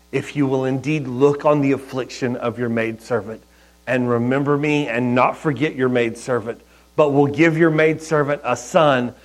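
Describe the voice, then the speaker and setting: A man preaching a sermon in a conversational, storytelling way, with soft asides. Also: mid-range voice, low-quality recording. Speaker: pastor.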